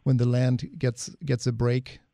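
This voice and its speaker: A man hosting a radio talk show, speaking calmly and reflectively with a few "um"s. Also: mid-range voice, unhurried, vocal fry, dry recording. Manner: calm, reflective, with "um"s. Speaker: radio host.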